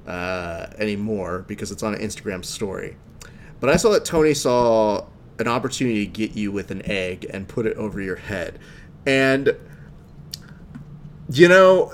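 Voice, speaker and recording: A man hosting a casual podcast interview, easygoing and quick to laugh. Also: mid-range voice. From married man. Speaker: podcast host.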